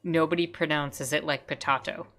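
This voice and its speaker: A woman voicing a calm, dry frog detective in a flat, patient way while reading a game aloud. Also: low voice, moderate pace, soft background music, voice pushed down.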